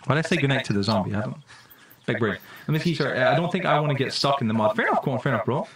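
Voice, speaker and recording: A young man streaming a survival game, chatting casually and breaking into loud, startled, swearing reactions. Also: medium pitch, animated, racing, breathy edge. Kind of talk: casual live-stream commentary.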